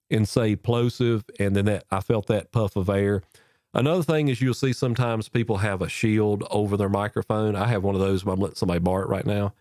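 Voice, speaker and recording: Talking casually to camera, a podcast host teaching audio gear explains mic technique in a folksy way, repeating and restarting during demonstrations on a foam-covered boom-arm microphone close to his face. He sounds a little mellow, in clean studio sound with no echo.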